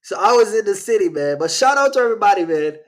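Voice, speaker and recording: A man from Jamaica with a Jamaican accent, hosting a casual livestream in a rambling, slangy way and reacting to his live chat. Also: high voice. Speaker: channel host.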